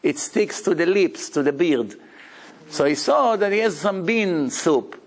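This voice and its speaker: A man, a rabbi telling stories in a Torah lecture, acting out characters with shouts and laughter in slightly broken English. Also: high-pitched, unhurried. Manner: animated storyteller, acts out characters with shouts and laughs. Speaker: rabbi teaching Talmud.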